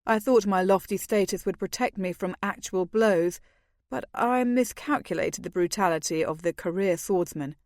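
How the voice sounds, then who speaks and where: A wry young lord who pokes fun at himself, as a woman reads him in the audiobook. The sound is dry and close, the pitch mid. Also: normal speed, a little mellow, no echo, close to an everyday voice. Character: young male lord, wry and self-mocking. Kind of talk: audiobook character reading.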